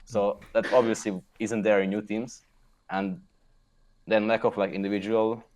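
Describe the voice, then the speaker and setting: A man's voice: fairly low pitch, little pitch movement, normal speed, darkish tone. A young man, a podcast guest, rambling casually with lots of fillers. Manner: rambling, filler-heavy, laughs at himself. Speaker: guest, pro gamer.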